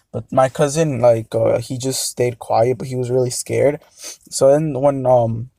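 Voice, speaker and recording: A man's voice: mid-range voice, warm tone, no room sound. A young man telling a casual storytime, rambling and hesitant with many fillers. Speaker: vlogger.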